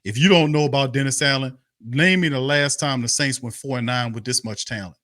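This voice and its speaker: A man's voice: mid-range voice, brisk, fairly bright tone, no echo, clean studio sound. Angry, profane male sports ranter. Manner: profane, exasperated, repeats himself. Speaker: sports talk show host. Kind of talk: angry livestream rant.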